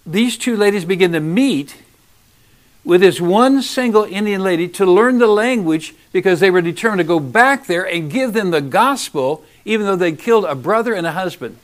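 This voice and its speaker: A man preaching a sermon, emphatic, swinging between loud urging and hushed asides. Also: sits high, lively intonation, moderate pace.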